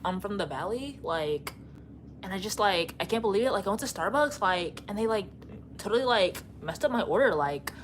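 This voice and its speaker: A woman's voice: mid-range voice, animated, normal speed, slight background noise, lightly acted. A young woman putting on an airheaded Valley girl voice that pads every phrase with filler words.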